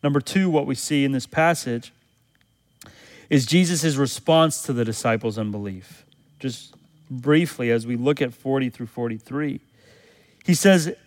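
A man preaching a sermon as a pastor, in an earnest manner that climbs higher and louder when he quotes scripture. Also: measured pace, long pauses, in a large hall.

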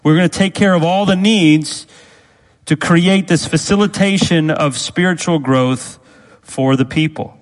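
A man preaching a sermon as pastor, speaking deliberately and repeating key phrases for emphasis. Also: fairly high pitch, long reverb tail, rough recording.

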